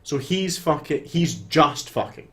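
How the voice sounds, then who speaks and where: A man co-hosting a casual film chat, retelling scenes with animated storytelling and frequent swearing. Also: a little high, unhurried. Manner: animated storytelling, swears freely, quotes characters in little voices. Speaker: podcast co-host.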